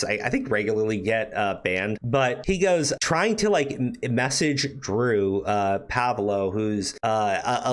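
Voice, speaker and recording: A young man hosting online commentary, talking in a profane, incredulous, animated way with lots of fillers. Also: mid-range voice. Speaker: commentary host.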